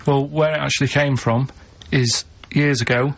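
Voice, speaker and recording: A man with a Manchester accent, a radio show regular, telling rambling anecdotes in a deadpan way. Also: mid-range voice, normal speed, vocal fry. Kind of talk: casual radio banter. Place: radio studio. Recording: dull radio sound with faint hiss.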